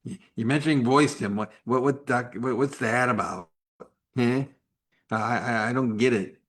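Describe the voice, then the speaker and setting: At a normal speed and in a fairly bright, mid-range voice, a male host leads a live faith-centered talk. He speaks roughly, restarting often and leaning on fillers, sometimes sinking into a whisper.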